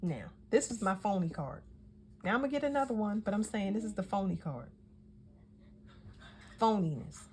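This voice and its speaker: A woman's voice: fairly high pitch, darkish tone, slight background noise. A woman giving a casual tarot reading, talking in a chatty, emphatic way and often correcting herself mid-sentence. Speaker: tarot reader.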